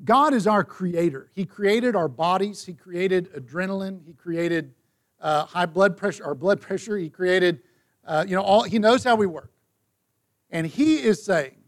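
A man's voice: sits high, normal speed. A man leading a Bible study, reading verses and explaining them in a conversational way. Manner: conversational, reads scripture aloud.

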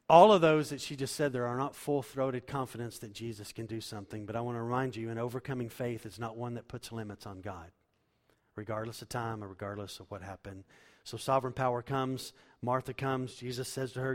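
A man preaching a sermon, reading scripture and explaining it, at times building to loud emphatic passages. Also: mid-range voice, steady tone, brisk, long reverb tail. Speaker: pastor.

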